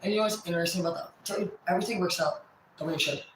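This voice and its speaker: A woman in her forties venting on a livestream in rambling, profane, halting speech. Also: lowish voice, heavy reverb, a little hiss or hum, low-quality recording.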